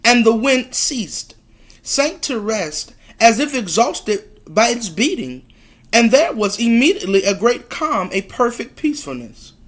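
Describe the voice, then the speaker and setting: Woman devotional speaker, unhurried, earnest and repetitive, murmurs between verses. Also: fairly high pitch, very animated. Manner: reads verses aloud, murmuring "mm-hmm" between passages; earnest, repeating phrases for emphasis. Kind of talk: Bible reading and encouraging sermon.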